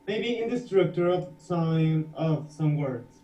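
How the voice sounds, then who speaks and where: A man's voice: a little high, expressive, takes it slowly, warm tone, reverberant. Male English learner, Spanish first language, hesitant; dull lo-fi call audio. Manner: hesitant, searching for words. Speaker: student.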